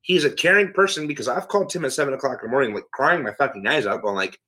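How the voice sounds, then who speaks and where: A man's voice: mid-range voice, quick pace, bright, forceful tone. A man co-hosting a casual podcast chat, emphatic and swearing in nearly every sentence.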